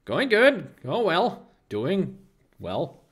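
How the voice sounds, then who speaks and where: A man's voice: fairly high pitch, huge pitch swings, very slow, a bit bright, breathy edge. A man giving casual, joking gameplay commentary, rambling and swearing freely, with game music playing behind. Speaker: let's play commentator.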